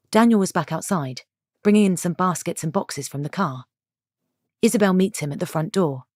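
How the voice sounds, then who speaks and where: A woman reads a story aloud with steady, descriptive narration. Her voice sits low, and the recording is dry, with no room sound. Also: dry recording.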